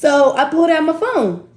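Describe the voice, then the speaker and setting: Young woman in her twenties, chatty and animated, speaking in an echoey room. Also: high-pitched. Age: 20s. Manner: animated, talkative, slangy, swings between loud and hushed. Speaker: tarot reader and streamer. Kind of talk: casual storytelling to viewers.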